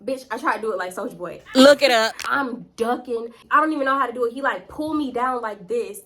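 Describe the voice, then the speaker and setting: Animated, bright-voiced woman. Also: a little high, fast talker. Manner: animated, profane, slangy, dramatic. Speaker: vlogger. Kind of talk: casual storytime. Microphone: close to camera.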